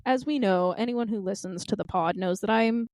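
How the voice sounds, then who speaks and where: A woman's voice: medium pitch, moderate pace, a little mellow, no room sound. A woman in her twenties, co-hosting a podcast, telling stories with intense, dramatic passion and acting out quotes. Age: 20s. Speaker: podcast co-host. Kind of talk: casual chat.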